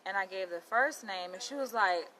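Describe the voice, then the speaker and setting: A woman's voice: mid-range voice, moderate pace, sharp tone, a little hiss or hum, low-quality recording. A young adult woman, chatting to her viewers and retelling a story with lots of quoted dialogue. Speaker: vlogger.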